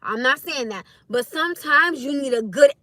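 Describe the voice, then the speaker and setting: High, bright-voiced woman ranting bluntly. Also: animated, normal speed, no room sound. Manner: blunt, emphatic, repeats catchphrases. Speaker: livestream host. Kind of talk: casual livestream rant.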